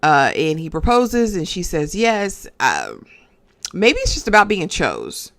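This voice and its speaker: A woman giving a casual, chatty recap of a reality show, animated and often checking in with the viewer. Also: on the low side, slow pace. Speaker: reality TV reviewer.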